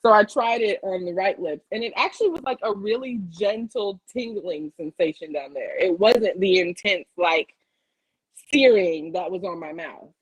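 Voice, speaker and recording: A young woman co-hosting a casual chat, telling a story in a lively way and jumping high in pitch to act out what people said. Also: moderate pace, breathy edge, no echo, rough recording. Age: young adult. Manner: animated, jumps high to act out quotes. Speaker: podcast co-host.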